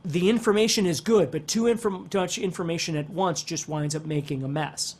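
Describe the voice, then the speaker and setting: A middle-aged man teaching guitar in a relaxed, conversational way, thinking aloud and circling back as he explains. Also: high-pitched, brisk, a little hiss or hum. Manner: animated, talks with his hands, thinks aloud with restarts. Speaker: guitar instructor.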